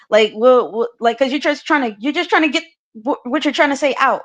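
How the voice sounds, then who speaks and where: A woman's voice: high-pitched, moderate pace. A woman on a podcast panel talking casually, rambling with many fillers and restarts and laughing often. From United States. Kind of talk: casual livestream discussion.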